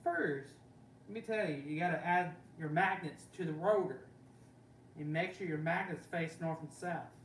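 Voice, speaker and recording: A man's voice: a little high, normal speed, fairly bright tone. Rambling young man in an echoey room. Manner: rambling, repeats "so" and "guys" constantly. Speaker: channel host. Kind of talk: rambling casual vlog. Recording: echoey room with faint background hum.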